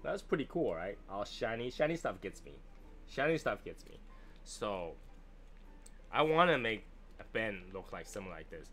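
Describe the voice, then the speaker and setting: A lowish male voice with big pitch swings and a fairly bright tone moves at normal speed, with faint music in the background. The speaker, who has a Chinese accent, reviews cigars on a livestream, joking and chatting casually as he answers viewers.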